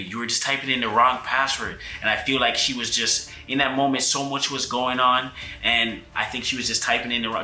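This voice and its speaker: Man, storytime vlogger, intense retelling, bright voice, roomy echo. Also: mid-range voice. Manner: intense, breathless storytelling with acted quotes. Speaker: channel co-host.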